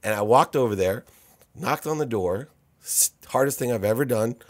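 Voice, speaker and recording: A man's voice: mid-range voice, moderate pace, dry recording. A man being interviewed on a podcast, telling a personal story with feeling, often repeating words and acting out what people said. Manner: animated, repeats words, acts out quotes. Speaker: podcast guest. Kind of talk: emotional storytelling in conversation.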